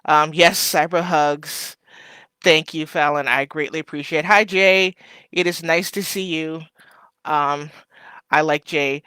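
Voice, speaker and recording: Shop owner chatting on a live stream, bright voice, rambly and sincere, dry close sound. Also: mid-range voice, measured pace, smooth, dry recording. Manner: rambling and heartfelt, full of ums and shout-outs. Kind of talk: casual livestream chat to viewers.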